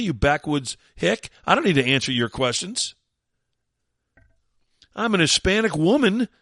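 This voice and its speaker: A man putting on a mocking, shrill voice as a haughty woman judicial nominee who waves off questions. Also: no room sound, clean studio sound, exaggerated voice.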